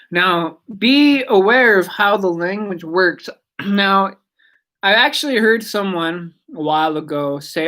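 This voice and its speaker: Slow-talking woman teaching vocabulary. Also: medium pitch, fairly bright tone. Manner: chatty, digressive, repeats words slowly for learners. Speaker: language teacher on radio. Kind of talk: casual spoken language lesson.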